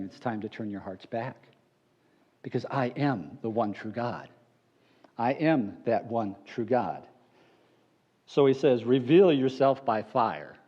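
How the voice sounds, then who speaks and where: A man preaching a sermon as pastor, retelling a story with playful, animated emphasis and then dropping into low, earnest appeals. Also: dull audio.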